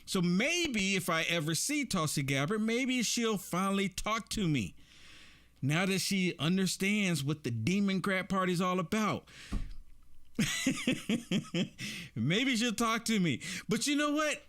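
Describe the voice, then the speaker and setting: A man hosting casual political commentary, animated, repeating himself and laughing often. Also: high-pitched, takes it slowly.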